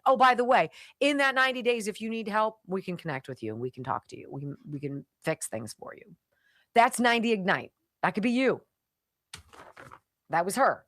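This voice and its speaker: A woman's voice: mid-range voice, very animated, fairly quick, fairly bright tone, no echo, clean studio sound. A woman radio talk show host reading sponsor ads live in a chatty, emphatic, jokey way.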